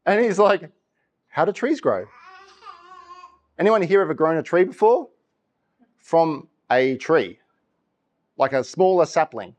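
Preaching a sermon, the middle-aged pastor tells lively stories, laughs a lot, and performs characters' voices. His pitch is fairly high, his pace measured with frequent pauses, and the audio sounds dull.

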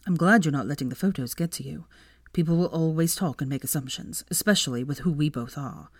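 A woman voicing a calm, reassuring young wizard in an audiobook reading, with a subdued, steady delivery. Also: low-pitched, a little fast, no echo, clean studio sound.

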